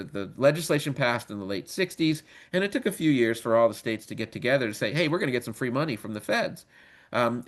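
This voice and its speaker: A man in his fifties who has worked as a lawyer, giving a casual, joking training webinar lecture with many ums. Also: lowish voice. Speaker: legal trainer.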